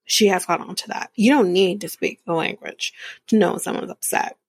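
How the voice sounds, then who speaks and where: A woman's voice: fairly low pitch, moderate pace, vocal fry, breathy edge, no echo. A woman hosting a podcast, recapping a reality show in a blunt, exasperated way and swearing freely. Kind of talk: casual recap commentary.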